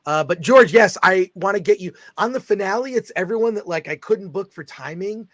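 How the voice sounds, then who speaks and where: A middle-aged man hosting a casual livestream chat, excitably reading viewer comments aloud. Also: sits high, a little fast, no echo. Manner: excitable, reads viewer super chats aloud. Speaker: host.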